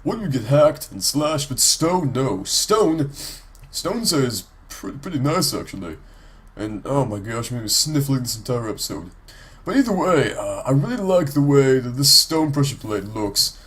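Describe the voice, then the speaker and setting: A man's voice: medium pitch, very animated, moderate pace, fairly bright tone, breathy edge. A sick man with a congested, nasal voice gives rambling, casual gameplay commentary for his let's play, full of ums and restarts.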